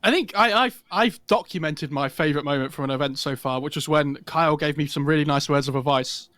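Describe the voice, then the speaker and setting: A man's voice: on the high side, a little fast, fairly bright tone, no room sound. A man casting an esports match live, chatting casually and rambling with lots of fillers. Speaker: esports caster. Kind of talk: casual live commentary chat.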